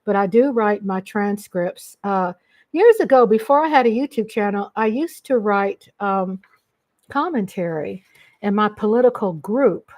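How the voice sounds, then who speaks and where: A middle-aged woman from Texas with a Texan accent, hosting a casual livestream and gushing shout-outs to her viewers. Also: medium pitch, lively intonation, unhurried. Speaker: livestream host.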